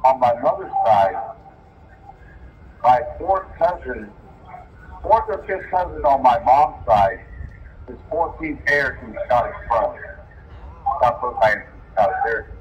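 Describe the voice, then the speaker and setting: A man's voice: mid-range voice, expressive, unhurried, long pauses, muffled recording. A man from Texas hosting a call-in stream, chatting casually and reeling off trivia questions. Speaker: host taking phone calls. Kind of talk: casual chat. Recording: distant mic with faint background noise.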